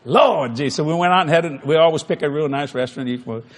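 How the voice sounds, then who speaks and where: His pitch fairly high and his pace quick, a man tells a folksy tale while preaching a humorous sermon to a huge auditorium crowd of thousands. He stays animated throughout, frequently laughing in the middle of sentences.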